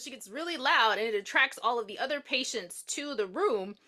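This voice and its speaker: Animated, bright-voiced woman recapping a movie. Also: on the high side, a little fast. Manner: animated, profane retelling that acts out the characters' lines. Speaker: podcast co-host. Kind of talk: casual movie review chat.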